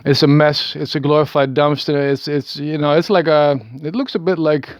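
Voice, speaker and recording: A man's voice: fairly high pitch, steady tone, normal speed, no room sound, lo-fi sound. A Dutch man in his thirties with a Dutch accent, talking in a hesitant, rambling monologue full of stammered restarts and small chuckles. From Netherlands. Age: 30s. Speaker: video maker. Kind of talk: rambling self-recorded monologue.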